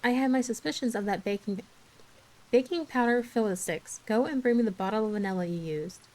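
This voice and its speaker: A woman voicing a brisk, stern older woman who scolds sharply. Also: fairly high pitch, darkish tone, lightly acted, poor audio. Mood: scolding.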